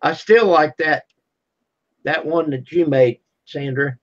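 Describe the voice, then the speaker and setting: A man's voice: on the high side, slow. A man who is a guest on a livestream, chatting casually in an easygoing way. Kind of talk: casual chat. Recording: dull lo-fi stream audio.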